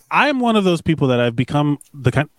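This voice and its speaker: Chatty, profane podcast co-host, dry sound. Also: male voice, on the high side, sing-song, a little fast, no room sound. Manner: rambling, profane, joking. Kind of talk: casual chat.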